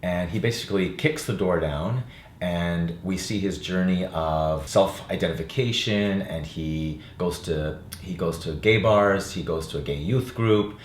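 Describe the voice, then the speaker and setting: An older man, an actor and playwright, talking about his one-man play in a relaxed, reflective way with frequent fillers. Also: deep voice, slight background noise. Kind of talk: interview chat. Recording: roomy sound with faint ambience.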